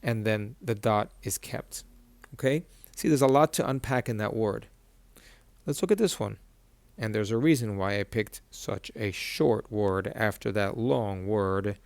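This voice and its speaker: A man teaching a reading lesson at a board, patiently repeating each syllable slowly. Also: fairly low pitch, no room sound. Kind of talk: whiteboard lesson.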